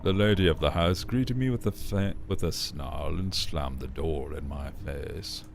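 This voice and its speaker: A man voicing a suave, sly male wanderer with a put-on English-style voice, deep vocal fry and a dry, politely menacing manner. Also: unhurried, a little hiss or hum, full character voice. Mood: sardonic.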